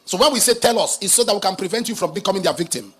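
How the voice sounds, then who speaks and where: A man preaching a sermon, telling a cautionary story with dramatic rises and drops in loudness. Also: sits high, expressive, racing. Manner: dramatic storyteller, rises to loud emphatic peaks. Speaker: pastor.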